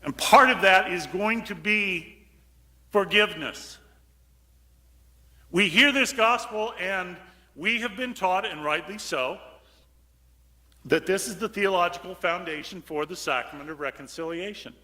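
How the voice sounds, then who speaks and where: A man preaching a lively homily as a priest, switching to hushed voices for quotes and sometimes calling out loud. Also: high-pitched, measured pace, pauses often, long reverb tail. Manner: animated, acts out quotes in hushed voices, sudden shout. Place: large church.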